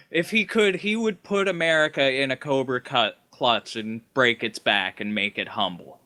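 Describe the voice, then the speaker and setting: A man's voice: medium pitch, a little slow, no echo. A man co-hosting a casual podcast, hesitant with many fillers. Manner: hesitant, lots of fillers, animated. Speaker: podcast co-host. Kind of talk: casual chat.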